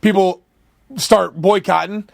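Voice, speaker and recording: A man on a podcast as a guest, telling business stories in a lively, animated way and acting out quotes. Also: sits high, slow pace, creaky, no echo, clean studio sound. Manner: animated, storytelling with acted-out quotes. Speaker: guest, food company founder. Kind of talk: casual podcast chat.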